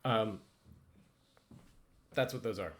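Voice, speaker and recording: A man's voice: on the low side, slow pace, a bit bright. A man casually teaching pronunciation over slides, hesitant and self-deprecating, with frequent ums and restarts. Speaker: language instructor.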